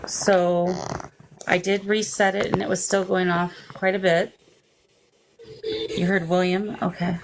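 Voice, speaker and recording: A woman's voice: lowish voice, level tone, measured pace, long pauses, slight background noise, rough recording. A woman hosting a live paranormal investigation, calling out to spirits and answering viewers by name. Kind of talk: live ghost-hunt chat.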